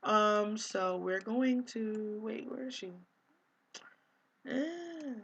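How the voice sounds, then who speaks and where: A woman's voice: a little high, expressive, drawn-out words, a bit bright, muffled recording, a little hiss or hum. A young woman casually commenting on her life-sim game, chatty and easily exasperated, with lots of fillers. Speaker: gaming vlogger.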